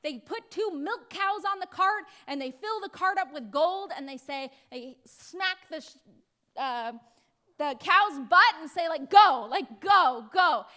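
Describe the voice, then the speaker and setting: A woman's voice: extremely high pitch, expressive, a little slow, sharp tone. An American woman pastor preaching a sermon in a playful way, acting out voices now and then. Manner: playful, acts out voices with laughs.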